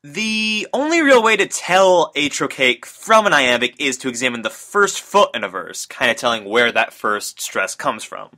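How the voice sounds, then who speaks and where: A man's voice: medium pitch, very animated, moderate pace, few pauses, bright, forceful tone. A young man, a student, reading a prepared class presentation that explains a topic. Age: young adult. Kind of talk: read school presentation.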